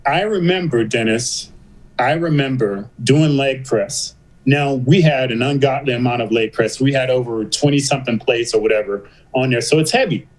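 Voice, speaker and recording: Heard over a low-quality recording, this middle-aged podcast guest talks openly in a voice of ordinary middle pitch. Rather than summarizing, he reenacts his exchanges with doctors, trading quoted lines back and forth at a quick clip.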